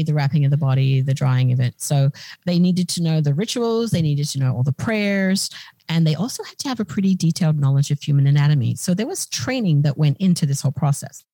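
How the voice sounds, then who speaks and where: A woman's voice: deep voice, dark tone, no echo. A woman podcast co-host chatting casually and irreverently, explaining with jokes. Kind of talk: casual chat.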